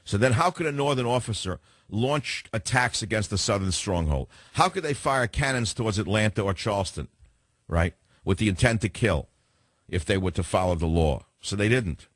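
A man with a New York accent hosting a talk radio show, delivering a fast, combative opinion monologue with lots of repetition. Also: fairly low pitch, lively intonation, dry recording.

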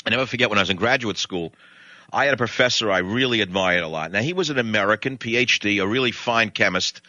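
Blunt older New York talk host. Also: male voice, on the low side, lively intonation, fast talker, pushed and bright, no echo, muffled recording. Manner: blunt, ranting, digressive. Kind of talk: opinionated talk radio monologue.

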